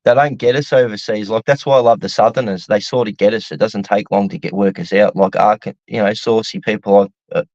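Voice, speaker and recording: Animated Australian man on a call. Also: lowish voice, brisk, few pauses, no echo, highs cut off. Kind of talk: casual online chat.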